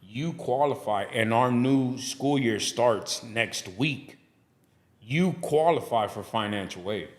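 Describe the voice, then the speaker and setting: Middle-aged man, mid-pitched voice, lively storytelling, acting out the people he quotes. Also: slow pace. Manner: animated storyteller who acts out quoted people. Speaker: guest, barbershop owner and pastor. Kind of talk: casual podcast storytelling.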